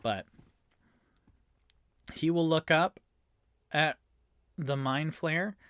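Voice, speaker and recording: A man's voice: fairly high pitch, steady tone, slow pace, a bit bright, smooth, no room sound, studio quality. A man narrating a tabletop game alone as game master and player, rambling with many fillers and bursting into groans of dread. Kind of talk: solo tabletop actual-play narration.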